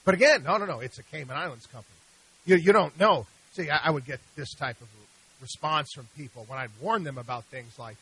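A man's voice: a little high, fairly quick, a bit bright, husky, no room sound, low-quality recording. A middle-aged man hosting a radio talk show, talking animatedly and with exasperation, often repeating himself and restarting sentences. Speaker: radio show host, investment advisor.

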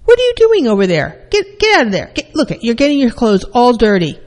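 Stern scolding parent, louder and higher than usual, as a therapist puts it on; long hall reverb. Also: flat delivery, slow pace, lightly acted. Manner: sharp, rebuking questions.

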